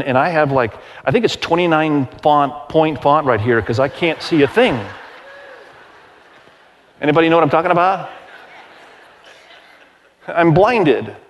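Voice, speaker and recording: A man in his forties preaching a sermon to his congregation, telling stories in a conversational, animated way and asking the crowd questions. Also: medium pitch. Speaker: pastor. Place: large church auditorium. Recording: long hall reverb.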